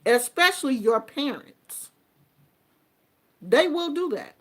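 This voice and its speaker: A woman's voice: fairly high pitch, lively intonation, slow, a bit bright. An older woman, a grandmother, talking earnestly and reflectively about family and communication in a casual monologue. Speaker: vlogger giving life advice.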